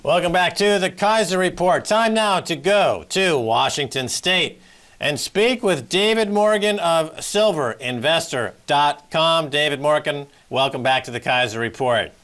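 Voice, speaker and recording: A high-voiced man hosts a news show with brash, sarcastic commentary. He jabs at his targets and throws questions to his guests. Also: expressive, a little slow, fairly bright tone. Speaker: host.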